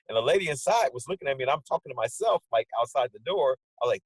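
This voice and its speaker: A man tells stories with lively energy, acting out little conversations with himself. His voice has a husky grain, and the sound is dry and close, with no room around it. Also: medium pitch, rapid-fire, no room sound, rough recording. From Portland area, USA. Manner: animated storyteller, acts out his own inner dialogue. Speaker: guest. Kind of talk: casual conversation over video call. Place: indoors at home, sunny day. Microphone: video call setup.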